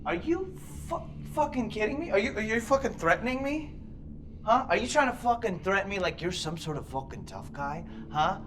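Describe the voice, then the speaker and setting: An actor playing a volatile, profane male home invader in film dialogue, swinging between low muttering and shouted threats. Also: big pitch swings, moderate pace, background noise. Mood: threatening.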